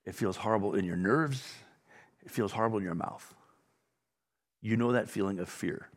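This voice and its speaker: A male pastor with a fairly low voice delivers a sermon in a conversational, storytelling way, turning often to the congregation. Long reverb trails behind his words, the sound of a large sanctuary. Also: moderate pace.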